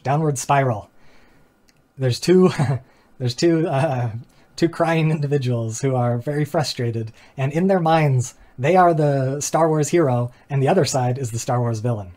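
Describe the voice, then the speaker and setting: A man with a medium-pitched, darkish voice talks at a moderate pace as the host of a philosophy channel. His explanatory talk is earnest and reflective, building rhetorical questions and walking through diagrams, with casual asides full of fillers and small laughs.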